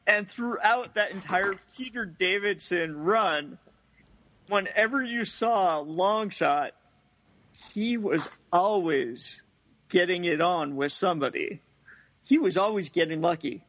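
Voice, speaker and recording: A man's voice: high-pitched, slow pace, a bit bright. A man chatting casually on a podcast with a wry, storytelling manner, on dull lo-fi audio. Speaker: podcast co-host. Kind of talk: casual chat.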